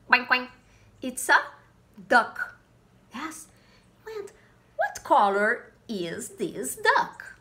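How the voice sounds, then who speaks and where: A woman teaching English to small children, slowly repeating simple words and making animal sounds. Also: fairly high pitch, a bit bright. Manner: slow, sing-song, repeats words, makes animal sounds. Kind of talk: slow, simple classroom lesson for small kids.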